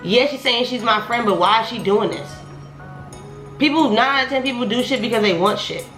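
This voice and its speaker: Young woman, vlogger, heated storytime rant, profane, fairly high voice, echoey room. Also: brisk. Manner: profane, animated, voice rising when heated. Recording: echoey room with faint music.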